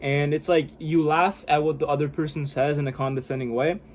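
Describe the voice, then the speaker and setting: A man's voice: a little high, fairly even intonation, fairly quick, a little hiss or hum. A young man vlogging casually and self-consciously, rambling with lots of "like" and "bro". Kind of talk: casual self-help vlog. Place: room indoors at home.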